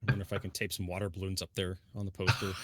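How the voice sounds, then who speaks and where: Man, lower voice, podcast co-host, joking, explanatory, casual chat. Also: completely flat delivery, rapid-fire, background noise. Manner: joking, explains game details in a loose flow.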